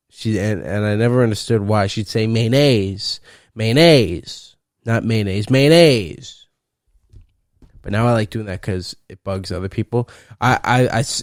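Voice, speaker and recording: A young man hosting a solo podcast, rambling and cursing playfully, breaking into loud laughs. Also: on the low side, no echo, studio quality. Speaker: podcast host. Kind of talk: casual solo podcast rant.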